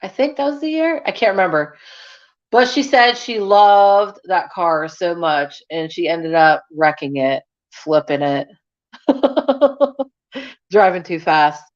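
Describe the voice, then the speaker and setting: A woman's voice: lowish voice, animated, slow, highs cut off. A woman hosting a casual livestream, chatting with viewers and rambling through stories. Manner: rambling and chatty, many fillers and restarts. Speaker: livestream host. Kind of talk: casual chat reading viewer comments.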